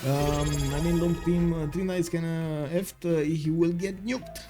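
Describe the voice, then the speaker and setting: A man's voice: a little high, steady tone, unhurried, over music. A man giving live commentary on a strategy game match, talking with many fillers, reading viewers' messages aloud, and saying he is losing his voice. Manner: rambling, filler-heavy, reads chat aloud. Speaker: esports caster.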